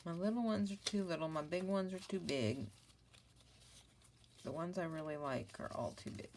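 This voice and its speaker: Low-voiced, rambling woman. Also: moderate pace, pauses often, a little mellow, slight background noise. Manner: rambling, apologetic, self-mocking asides. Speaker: papercraft vlogger. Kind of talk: casual crafting vlog chat.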